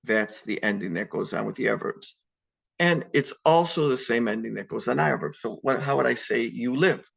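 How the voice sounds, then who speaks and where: Over a video call from his computer at home, a man teaches a Spanish class in an online lecture, explaining things step by step with frequent ums. His mid-range voice is creaky, husky, and fairly bright, at a normal speed. Through the video call mic, the audio comes across dull and lo-fi.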